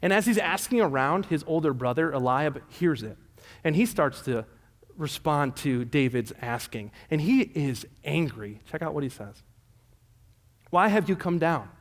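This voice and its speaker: A man's voice: on the high side, animated, moderate pace. A male pastor giving a sermon, retelling a scripture story in a casual, conversational way. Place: church sanctuary. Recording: echoey church hall.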